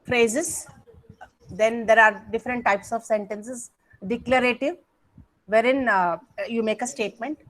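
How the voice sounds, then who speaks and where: A woman's voice: a little high, steady tone, unhurried, rough recording. A woman with an Indian English accent teaching English grammar in an online coaching class, coaxing students to respond, with frequent fillers and self-corrections. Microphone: video call.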